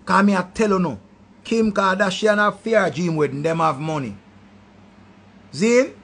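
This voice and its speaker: A man with a Jamaican accent delivers a loud, insulting rant in patois. His voice sits high, with a gravelly, husky edge. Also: unhurried. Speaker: online commentator. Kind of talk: ranting commentary.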